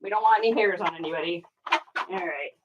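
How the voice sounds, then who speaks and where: A woman's voice: on the low side, fast talker, lo-fi sound, background noise. A middle-aged woman chatting casually on a live stream while packing orders, laughing often and reading viewer comments aloud. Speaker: reseller hosting a live stream.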